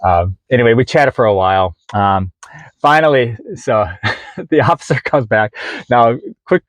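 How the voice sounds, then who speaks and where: A man's voice: medium pitch, measured pace, no echo. Rambling man in his forties, dry sound. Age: 40s. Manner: rambling, many fillers and restarts, acts out quoted dialogue. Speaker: vlogger. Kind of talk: casual storytelling to camera.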